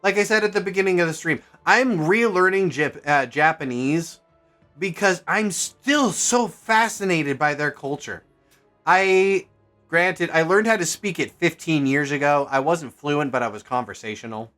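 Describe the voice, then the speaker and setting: A man's voice: a little high, normal speed, sharp tone, faint music behind. A man streaming a game, chatting casually and thinking aloud as he plays, rambling and correcting himself as he goes. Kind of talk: casual gameplay commentary.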